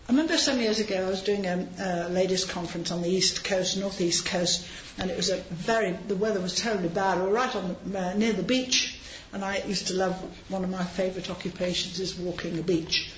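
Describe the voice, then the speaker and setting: A woman delivers an informal sermon in a conversational, storytelling manner, wandering into asides as she goes. Her voice sits at a middling pitch. The recording carries the echo of a large hall, a slightly muffled tone and a faint background hum. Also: fairly even intonation, moderate pace. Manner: chatty, anecdotal, with frequent asides and light laughs. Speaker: preacher.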